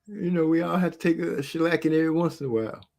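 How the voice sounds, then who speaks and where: A man telling a story in casual podcast chat, slangy and animated, often laughing between lines. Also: on the high side, fast, creaky.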